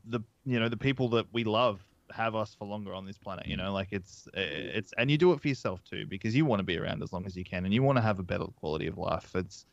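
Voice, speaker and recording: A man's voice: fairly low pitch, fast talker, vocal fry, few pauses, no room sound, dull audio. A man co-hosting a casual live podcast, talking bluntly and passionately and swearing freely. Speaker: podcast co-host.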